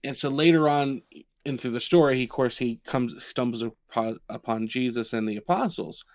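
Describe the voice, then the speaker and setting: Lively male podcast co-host telling stories. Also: medium pitch, moderate pace, no room sound. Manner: animated storyteller, retelling scenes with quoted lines. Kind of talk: casual podcast conversation.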